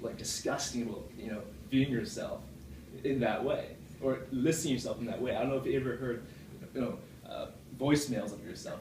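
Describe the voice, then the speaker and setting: A man giving a rambling, self-deprecating club speech full of fillers and restarts, recorded from across a meeting room. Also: noisy background. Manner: puts on a deeper voice from the chest. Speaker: club speaker. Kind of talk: prepared speech. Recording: echoey room from far off.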